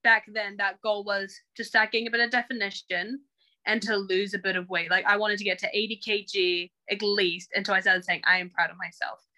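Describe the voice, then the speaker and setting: Bright-voiced young woman, chatty. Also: medium pitch, little pitch movement, fairly quick, hardly any pauses, rough recording. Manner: chatty, acts out quoted remarks. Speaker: coaching client. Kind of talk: casual interview.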